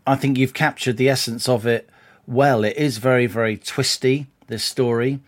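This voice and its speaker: A man co-hosting a political podcast, talking in a wry, brisk, explanatory way. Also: mid-range voice, fairly even intonation. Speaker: co-host. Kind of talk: casual political podcast chat.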